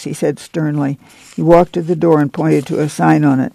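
A man narrating a novel in a steady, measured way. His voice is strongly gravelly and dark, sitting a little above the usual male range. The recording is dry and close. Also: a little high, dry recording. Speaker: audiobook narrator. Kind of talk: scripted narration.

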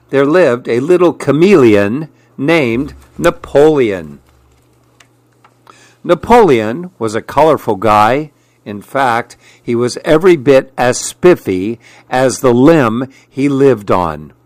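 A man reading a children's storybook aloud, gentle and unhurried. His voice rises and falls a lot for emphasis, and the sound is dry and close. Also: medium pitch, no echo.

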